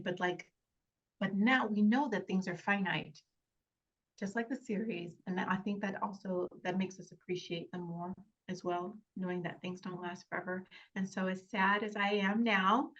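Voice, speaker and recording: A woman, an actress, talking in an interview in a heartfelt, halting way with many fillers and restarts. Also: fairly low pitch, fairly bright tone, muffled recording. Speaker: actress guest. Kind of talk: casual interview chat.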